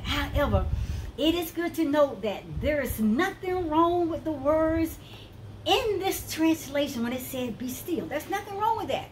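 A woman's voice: high voice, lively intonation, unhurried, a little mellow, slight background noise, rough recording. A woman preaching a fervent sermon, repeating phrases for emphasis and calling out "woo" as she goes.

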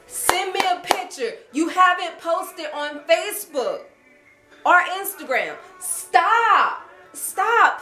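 A woman with a high, bright-pitched voice talks straight to camera, blunt and exasperated as she hands out dating advice. Her chatty delivery is packed with fillers, and the sound rings in an echoey room with faint music underneath. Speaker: vlogger giving dating advice. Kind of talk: casual advice vlog.

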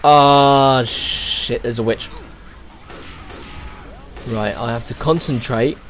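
A man's voice: medium pitch, slow, fairly bright tone, a little hiss or hum. A young man from England giving casual commentary while playing a game, muttering wry asides and swearing. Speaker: gaming streamer.

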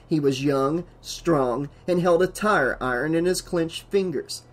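A man's voice: on the high side, measured pace. A man reading a horror novel aloud as an audiobook narrator, with dramatic emphasis.

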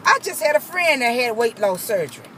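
A woman vents in a heated, repetitive rant, her voice sitting high. Steady traffic noise rumbles clearly behind her outdoor recording. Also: a little fast. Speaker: vlogger. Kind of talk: angry personal rant.

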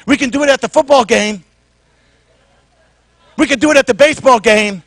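A middle-aged man preaching a sermon in church, with call-and-response that swings from soft talk to shouting. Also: extremely high pitch, moderate pace, no room sound. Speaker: pastor.

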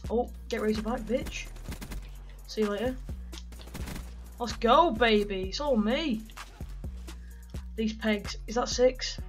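A teenage boy giving excitable gaming commentary, yelping and swearing freely as he plays. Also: sits high, slow, long pauses, soft background music. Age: teens. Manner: excitable, loud, swears a lot, yelps in pain. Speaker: gaming YouTuber.

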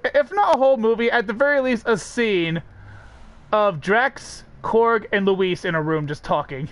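A man's voice: sits high, animated, unhurried, fairly bright tone. A man streaming a co-op game, chatting casually, teasing and swearing as he plays. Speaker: streamer playing co-op. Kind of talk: casual live gaming chat.

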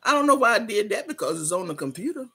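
A woman hosts her own livestream from home, reading viewers' comments aloud amid bursts of laughter. Her voice is bright and tense with a husky edge, and her delivery is loud and rowdy. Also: medium pitch, big pitch swings, fast talker. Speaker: livestream host.

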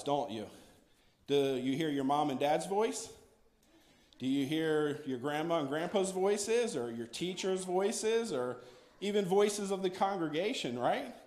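Pastor guy talking to the kids at church, high voice, gentle and playful, big echoey room. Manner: gentle, coaxing, playful with children. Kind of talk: children's message in a church service. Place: church sanctuary.

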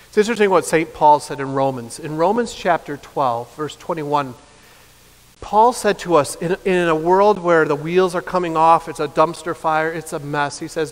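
A man, preaching a sermon as pastor, earnest and building to impassioned emphasis before dropping soft. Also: fairly high pitch, normal speed. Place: church sanctuary. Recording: long reverb of a church hall.

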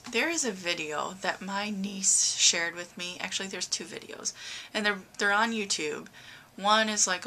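A woman's voice: on the low side, pushed and bright, a little hiss or hum. A middle-aged woman giving a rambling, emotional personal update in her vlog, with lots of fillers. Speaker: vlogger.

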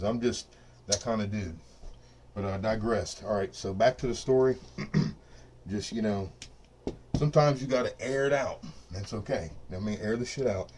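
There's a little hiss or hum behind this fairly quick, somewhat mellow voice on the low side, belonging to a middle-aged man hosting a craps dice-control video. Set up in his home studio for rolling dice, he rants casually and profanely to camera without a script. He comes across as boastful and fired up, leaning on "you know what I mean."

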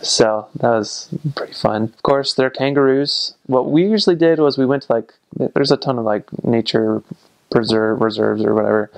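American male vlogger, mid-range pitch, gravelly, rambly and easygoing. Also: steady tone, a little fast. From United States. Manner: rambling, fills with "like" and "I don't know". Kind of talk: casual vlog talk.

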